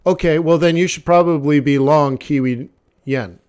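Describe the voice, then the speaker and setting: Speaking at a moderate pace in a slightly high, darkish but clean voice, a man coaches a live forex trading session. He addresses the viewer bluntly and conversationally, repeating phrases and filling gaps with plenty of "okay" and "like."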